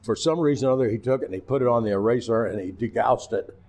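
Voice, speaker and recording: A retired TV announcer from Missouri, an older man, tells lively anecdotes in a relaxed interview and imitates the voices of the people involved. His voice is mid-range and he speaks fast.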